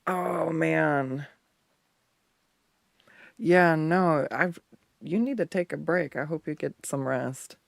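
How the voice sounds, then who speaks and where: Chatty laughing man, slightly high voice. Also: slow, creaky, pauses often, dry recording. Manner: laughs often, self-mocking and chatty. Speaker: art streamer. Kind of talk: casual chat while drawing on stream. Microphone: desktop USB condenser mic.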